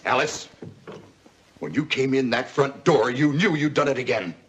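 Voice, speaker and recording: A man's voice: medium pitch, animated, normal speed, slightly rough. An actor playing a stern working father who scolds his daughter, in 1950s TV drama style. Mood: angry. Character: stern hardworking father, fed up.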